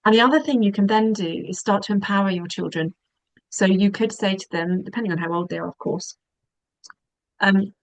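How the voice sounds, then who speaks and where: A woman, a divorce specialist giving calm, measured webinar advice with frequent ums. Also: medium pitch, no room sound, rough recording.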